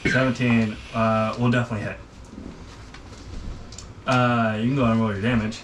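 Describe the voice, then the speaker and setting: A man running a tabletop game as game master, with a voice of middling pitch. He rambles along with plenty of ums and uhs. He sits away from the mic in a noisy room. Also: flat delivery, moderate pace, distant mic.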